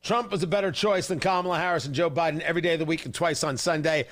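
A man's voice: fairly high pitch, very fast, a bit bright. A male host giving heated, sarcastic political commentary on a livestream, ranting and mocking.

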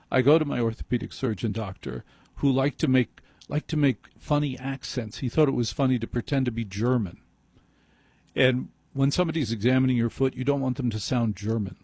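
A man's voice: medium pitch, a little fast, a little mellow, no room sound. A man telling a rambling, self-mocking comic story, speaking close to a mic. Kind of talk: comedic storytelling monologue. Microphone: close mic he adjusts himself.

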